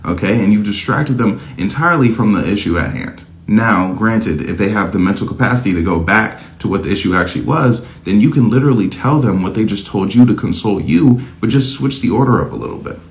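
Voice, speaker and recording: A man talking casually to camera, animated and acting out both sides of imagined conversations. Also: lowish voice, brisk, hardly any pauses. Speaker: social media dating commentator.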